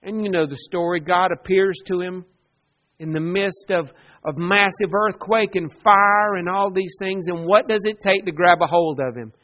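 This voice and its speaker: A man preaching a sermon, moving between loud emphasis and quiet asides and acting out the people he quotes. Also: high voice, moderate pace.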